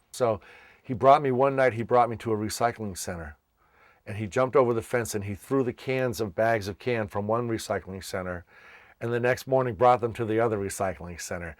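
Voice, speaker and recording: A man's voice: mid-range voice, no room sound, studio quality. A man from Massachusetts, a children's entertainer, casually telling his life story and acting out the voices of people he met. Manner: animated, acts out quoted voices.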